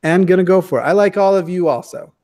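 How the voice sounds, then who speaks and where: A man chatting casually on a video call, joking and self-deprecating, with halting restarts. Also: high voice, darkish tone.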